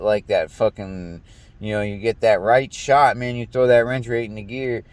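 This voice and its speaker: In a clean recording, a young American man with a lowish, somewhat dark voice goes off on a casual rant. His talk is profane and meandering, full of stumbles and false starts.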